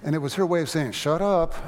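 A man preaching a sermon, telling a personal story with animated energy and frequent halting restarts. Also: on the high side, in a large hall. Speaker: pastor.

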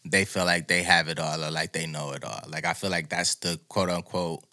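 A man's voice: deep voice, steady tone, a little fast, bright, forceful tone. A man co-hosting a casual podcast chat, talking loosely and profanely, rambling through his points.

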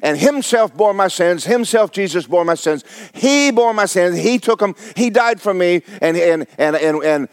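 A man's voice: sits high, no room sound, studio quality. A man preaching a sermon, folksy and fiery, repeating phrases for emphasis. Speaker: pastor.

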